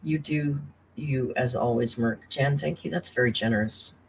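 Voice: mid-range voice, moderate pace, gravelly, a little hiss or hum. A tired live-stream host chatting casually, thanking viewers and reading their messages aloud. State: tired, worn down by caregiving.

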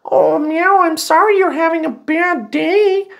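A man's voice: measured pace, gravelly, muffled recording, exaggerated voice. A man voicing a cute cat that coos and meows sweetly to comfort someone. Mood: cooing. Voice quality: very high cooing voice. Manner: sweet, meowing between words. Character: cute cooing cat comforting a sad woman.

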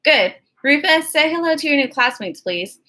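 A woman's voice: high voice, animated, normal speed, pushed and bright, voice pushed up. A woman reading a kind schoolteacher. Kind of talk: audiobook character voice.

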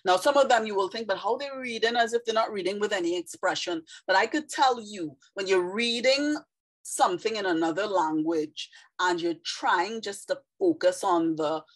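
A woman's voice: medium pitch, low-quality recording. A woman from Trinidad and Tobago with a light Trinidadian accent, speaking casually and earnestly straight to her viewers as a video creator.

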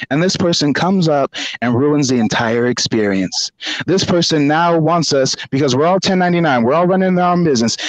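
A man with a fairly high voice tells a story as a guest in a chat. He is animated and often doubles back on his words. The sound is dry and close. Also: dry recording, low-quality recording. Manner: animated, repeats words while telling a story.

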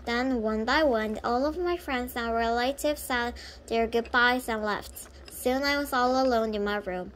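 A woman reads a children's book aloud and stumbles often, correcting herself mid-phrase. Her voice sits fairly high for a woman. A faint hum sits behind her. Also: a bit bright. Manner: halting, with frequent self-corrections. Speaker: reader.

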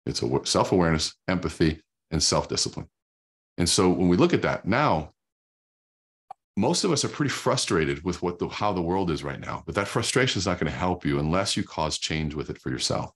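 A man's voice: low-pitched, lively intonation, fairly quick, slightly rough. A middle-aged man giving a conversational, emphatic motivational talk, often repeating his points for stress. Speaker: speaker.

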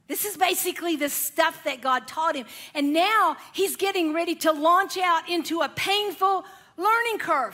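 A woman preacher telling a story in a sermon, animated and with laughing asides. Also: very high voice.

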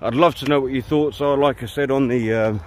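Chatty, swearing hiker. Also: male voice, medium pitch, steady tone, fairly quick, darkish tone, slight background noise. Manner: chatty, blunt, swears freely. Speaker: hiking vlogger. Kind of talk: casual walking vlog monologue. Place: outdoors on a riverside countryside path.

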